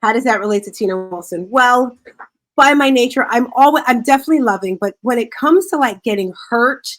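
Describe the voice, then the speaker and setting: A woman author talking about her book in an interview, telling stories in an animated, upbeat way. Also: fairly high pitch, brisk. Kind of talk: casual interview talk.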